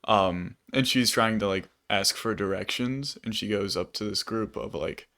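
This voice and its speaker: A man talks through a film on a casual podcast, meandering and full of fillers. His voice sits low and easygoing. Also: moderate pace, sharp tone. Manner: rambling, many fillers. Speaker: podcast co-host. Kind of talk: casual movie review chat.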